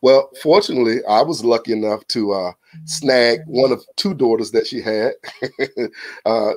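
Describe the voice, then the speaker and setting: A man in his forties from Virginia with a Southern accent, a pastor guesting on a church podcast, animated and telling stories with quick restarts. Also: medium pitch, no echo. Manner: animated, exclamatory, storytelling, frequent restarts. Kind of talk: casual church podcast interview.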